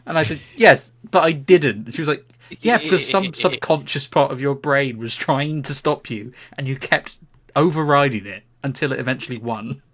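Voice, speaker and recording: A man's voice: medium pitch, brisk, fairly bright tone. A young British man, co-host of a podcast, telling a funny anecdote in casual chat and swearing freely.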